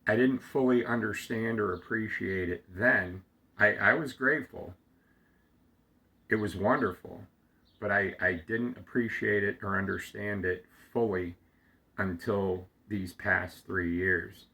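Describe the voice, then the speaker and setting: A man slowly telling a heartfelt personal story, halting often with fillers and restarts, close to tears at times. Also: fairly low pitch, bright, forceful tone. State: getting emotional. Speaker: storyteller sharing a personal memory. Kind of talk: reflective personal monologue.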